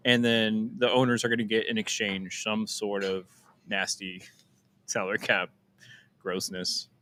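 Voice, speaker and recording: A man's voice: fairly low pitch, flat delivery, a little slow, pushed and bright, slight background noise. A young man co-hosting a casual live stream, talking animatedly, laughing often and trailing off into restarts. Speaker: co-host.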